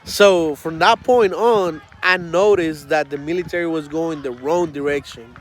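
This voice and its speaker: A man's voice: fairly high pitch, unhurried, rough recording. A man and army veteran, in his thirties, telling stories casually and swearing freely, with many fillers. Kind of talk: casual storytelling on a livestream.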